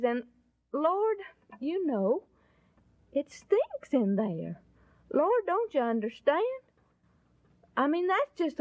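A woman's voice: high-pitched, dry recording, voice pushed up. A woman voicing Martha, a grieving woman who stammers and pleads in a flustered way. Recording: dull lo-fi recording.

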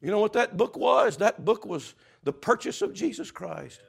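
A man's voice: sits high, very animated, moderate pace, creaky, husky. A man preaching a fervent sermon. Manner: fervent, builds to loud climaxes.

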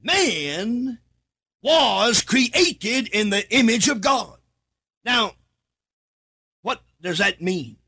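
A man preaching a sermon from the United States, reading scripture in a half-chanted way and rising to shouts for emphasis. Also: high-pitched, sing-song, drawn-out words, long pauses, slightly rough.

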